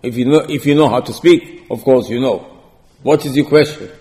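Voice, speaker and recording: Animated man teaching Torah in a hall. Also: mid-range voice, brisk. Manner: acts out dialogue, frequent rhetorical questions. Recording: long hall reverb.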